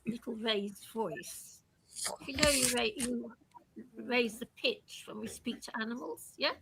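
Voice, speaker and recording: An older woman chatting casually on a video call, animated and laughing often. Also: on the high side, a little slow, vocal fry, background noise. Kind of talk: casual chat.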